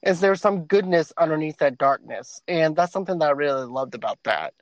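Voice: medium pitch, animated, a little fast, no echo. A co-host talks through a movie in an earnest, agreeable way, drifting through thoughts as they come. The recording is dry, with no room sound, and a little muffled. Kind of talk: casual movie discussion.

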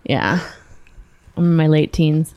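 Dry, deadpan woman, lowish voice. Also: slow pace, muffled recording, slight background noise. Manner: dry, sarcastic, mock-boastful. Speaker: comedian guest. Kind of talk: deadpan comedic podcast banter.

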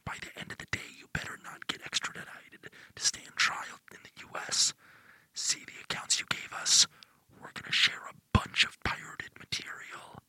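A man's voice: bright, forceful tone, no echo. A man voicing a crude, taunting hacker in whispered role-play. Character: male hacker gang member, taunting and crude.

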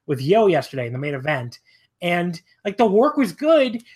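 A man co-hosting a wrestling podcast, talking in a rambling, casual way, his voice jumping high when he gets exasperated. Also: big pitch swings, moderate pace, a little mellow, breathy edge.

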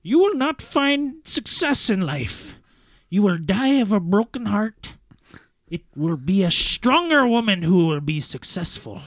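A man voicing a very old, blind male palm reader who is harsh and stern, in a slow, strained old-man voice. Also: high-pitched, sing-song, fairly bright tone, no room sound, studio quality, pitched above the performer's own voice, heavily acted. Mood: grim.

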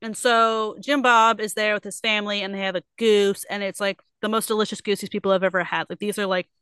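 A young adult woman co-hosting a casual book club podcast, retelling a story with lots of fillers and quick put-on quotes. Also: medium pitch, steady tone, fairly bright tone, clean tone, no echo. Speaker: podcast co-host.

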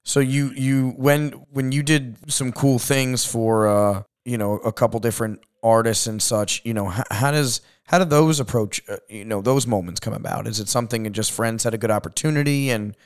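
A man from Long Island hosting a casual podcast interview, chatty and upbeat, often trailing off quietly. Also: mid-range voice, normal speed, few pauses, smooth. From Long Island, New York. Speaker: podcast host.

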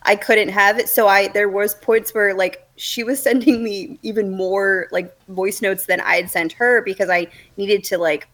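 A woman's voice: medium pitch, fairly even intonation, normal speed, hardly any pauses, fairly bright tone. A woman co-hosting a book podcast in casual chat, gushing and rambling with many fillers. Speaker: podcast co-host.

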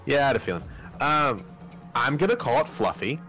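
A man's voice: mid-range voice, very animated, a little fast, sharp tone, faint music behind. A man playing a tabletop role-playing game, rambling and swearing casually. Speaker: player.

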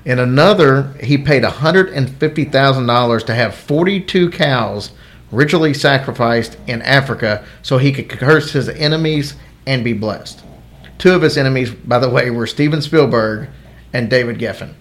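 A man's voice: medium pitch, normal speed. A man co-hosting a casual talk show, telling odd celebrity stories in a rambling, joking way with many restarts. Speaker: podcast co-host.

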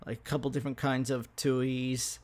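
A man's voice: medium pitch, little pitch movement, fairly quick. A young Australian man hosting a podcast, ranting casually and profanely into a microphone with bursts of laughter. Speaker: podcast host. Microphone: studio microphone.

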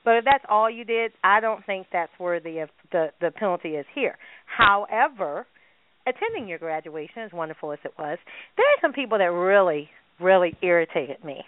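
A woman co-hosting a casual chat, animated and emphatic, laughing often. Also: fairly low pitch, normal speed, no echo. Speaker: co-host. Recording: tinny phone-like sound, dry.

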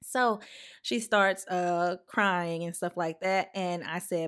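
A woman in her twenties hosting a podcast and telling a personal story in a candid, chatty way. She talks straight to her listeners and gets animated when she quotes herself. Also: on the low side, takes it slowly, clear, resonant tone. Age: 20s. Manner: chatty, addresses listeners as "y'all". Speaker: podcast host.

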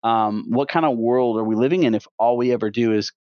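A man's voice: medium pitch, brisk, no echo. Rambling man on a podcast. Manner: rambling, opinionated, many restarts. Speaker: podcast co-host. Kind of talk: casual podcast chat. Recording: dull, dry podcast audio.

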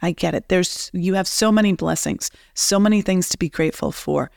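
A woman coach giving a slow, reflective motivational talk, speaking straight to the listener. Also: lowish voice, creaky, darkish tone, no echo, studio quality.

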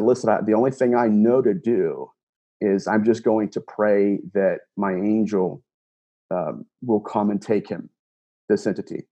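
A man being interviewed, retelling a personal encounter in an animated way, often restarting and repeating words. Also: on the low side, breathy edge, highs cut off. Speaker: guest, paranormal investigator. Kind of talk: storytelling interview.

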